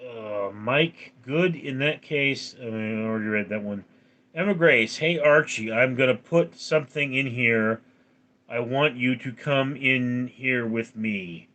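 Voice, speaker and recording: Man, tired and yawning, livestream host, slow drawl, bright edge in the voice. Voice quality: drowsy, low-key. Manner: slow, halting, reads out viewer names. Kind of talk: casual livestream chat with viewers.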